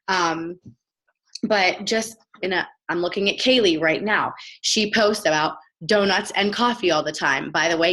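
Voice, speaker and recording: A woman's voice: fairly low pitch, a bit bright, poor audio. A woman in casual, enthusiastic chat on a team call, praising and giving examples. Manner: enthusiastic, chatty.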